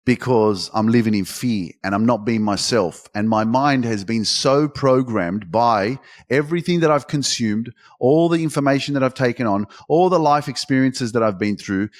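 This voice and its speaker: A man giving a motivational talk, swearing freely and climbing in pitch when he gets emphatic. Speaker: motivational speaker. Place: Dubai.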